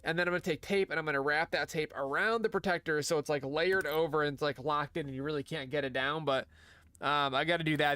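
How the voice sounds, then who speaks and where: A man's voice: on the high side, bright, forceful tone, clear, resonant tone. A young man chatting casually while streaming a game, rambling with lots of asides. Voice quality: rambling, full of fillers and asides. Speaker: livestreamer. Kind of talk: casual chat while gaming.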